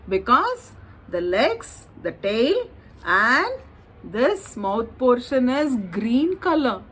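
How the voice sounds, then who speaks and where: A woman telling a children's story, animated and often asking her listeners questions. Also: on the high side, very slow, slightly rough, rough recording.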